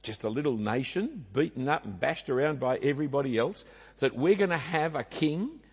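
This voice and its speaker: A man's voice: medium pitch, expressive, normal speed, a little mellow, husky. An Australian man preaching a sermon in a conversational way, with rhetorical asides and tag questions. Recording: long hall reverb.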